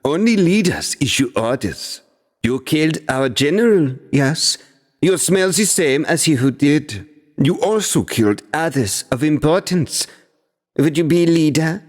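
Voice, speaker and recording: A man's voice: on the high side, animated, unhurried, long reverb tail, voice pushed up. A man voicing a blunt insect-headed demon soldier with a German accent, speaking in clipped, broken phrases. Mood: probing.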